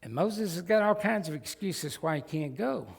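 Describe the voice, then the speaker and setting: A man's voice: sits high, expressive, normal speed, gravelly, husky. A man with a Southern American accent preaching a sermon as pastor, folksy and emphatic with joking asides. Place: church sanctuary. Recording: long church hall reverb.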